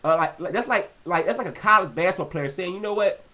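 Lively high-voiced ranting man. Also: fast talker. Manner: heated, repetitive, peppered with "you know". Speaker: vlogger. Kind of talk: casual rant to camera.

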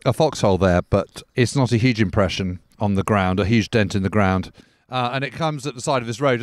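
A man's voice: on the high side, no room sound. Man describing a battlefield on foot. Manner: rambling, hedging with "sort of" and "kind of". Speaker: podcast host. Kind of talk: on-location walking commentary. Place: outdoors by a country road.

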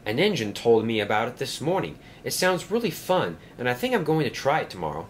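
A man's voice: mid-range voice, very animated, a little fast, a little hiss or hum, lightly acted. A man voicing an eager, shy old male narrow-gauge engine, speaking in a raised, wide-eyed voice.

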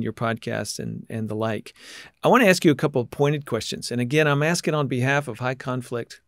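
A male podcast host with a mid-range voice, setting up questions for his guests at length and in a steady, measured manner. The sound is dry and close, with almost no room around it. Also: medium pitch, dry recording. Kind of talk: interview.

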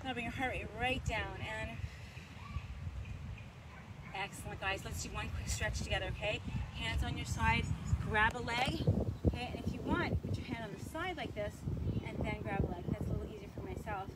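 A woman's voice: a little high, normal speed, very noisy. A woman fitness instructor coaching a live workout, counting reps aloud and cheering viewers on while out of breath.

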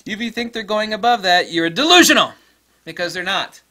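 Middle-aged guy hosting a camera vlog, blunt and emphatic, kinda high voice. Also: fairly quick. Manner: emphatic, repeats key numbers, blunt and animated. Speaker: photography video host. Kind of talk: emphatic solo tech rant.

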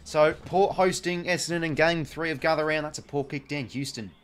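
This Australian man runs a live football watch-along, calling the action casually and chatting with his viewers. His voice sits on the high side, clear and resonant, moving a little fast. He reads the chat aloud and gets excited whenever a goal goes in.

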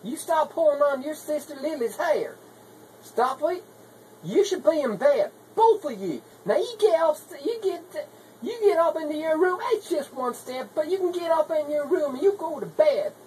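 A woman puts on a rambling country wife with a thick Southern hick drawl, high in pitch, scheming over easy money. She wanders from point to point and keeps tossing in "honey". Faint room ambience hums behind her. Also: expressive, normal speed, warm tone, a little hiss or hum, poor audio. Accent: put-on rural Southern US hick. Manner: rambling, folksy, drawling, calls everyone honey. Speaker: comedy video maker. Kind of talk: comedy sketch monologue.

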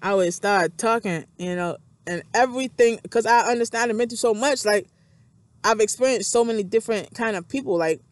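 A woman's voice: a little high, a little fast, no echo. A woman vlogger in a casual, rambling monologue, thinking aloud, repeating herself and reading scripture aloud between thoughts. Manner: rambling, repetitive, self-reflective, thinking aloud.

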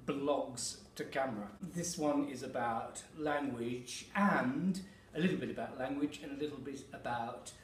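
Theatre guy explaining verse to the camera, mid pitch, bit far from the mic, echoey room. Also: a little hiss or hum. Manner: explanatory, pauses with fillers, taps out rhythms. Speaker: theatre director and actor. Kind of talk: educational talk to camera. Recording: roomy echo, distant mic, faint ambience.

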